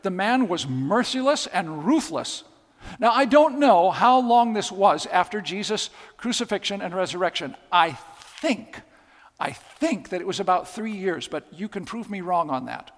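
High-voiced male preacher in a reverberant hall. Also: lively intonation, normal speed. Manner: storytelling, emphatic and repetitive. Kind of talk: sermon.

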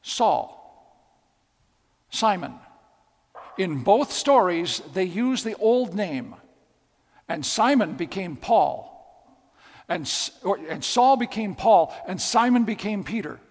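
High-voiced male preacher in a reverberant hall. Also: lively intonation, slow, pauses often. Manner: storytelling, emphatic and repetitive. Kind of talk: sermon.

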